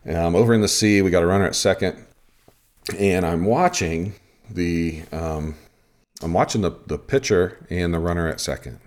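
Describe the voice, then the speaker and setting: A man with a low-sitting voice speaks at a moderate pace while hosting a podcast. He tells an umpiring story casually and energetically, animatedly retelling how the game went.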